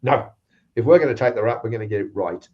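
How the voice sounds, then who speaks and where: A man's voice: mid-range voice, quick pace. A man telling work anecdotes in casual chat and acting out the people he quotes. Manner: anecdotal, acts out quoted voices. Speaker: guest speaker on recruitment. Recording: slightly dull lo-fi sound.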